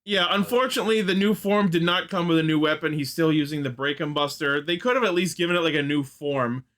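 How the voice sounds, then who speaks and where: A man's voice: fairly high pitch, fast talker, a bit bright. A man co-hosting a casual fan podcast, recapping episode plot in detail with enthusiasm and casual swearing. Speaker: podcast co-host.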